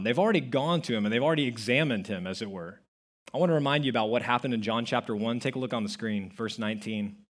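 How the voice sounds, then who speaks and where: With a husky, medium-pitched voice, a man preaches a sermon as pastor. He stresses key words emphatically and acts out the quotes in the stories he tells.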